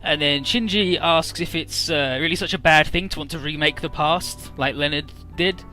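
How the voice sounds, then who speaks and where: A man's voice: a little high, moderate pace, sharp tone, soft background music. A man casually recapping a game's story with lots of fillers and swearing. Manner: casual, profane, filler-heavy. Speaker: game commentator. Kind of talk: casual let's play recap.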